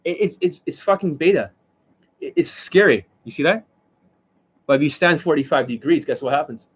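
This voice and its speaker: A man's voice: a little high, expressive, normal speed, slightly rough. A man ranting as a dating coach on a livestream, profane and mocking, who keeps demonstrating and asking whether you see it. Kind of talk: livestream rant.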